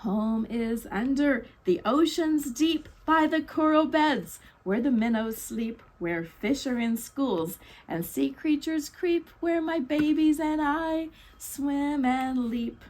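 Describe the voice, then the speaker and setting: A woman voicing a kindly mother blue whale, speaking in slow sing-song rhymes. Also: high-pitched, a little mellow, rough recording. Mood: gentle.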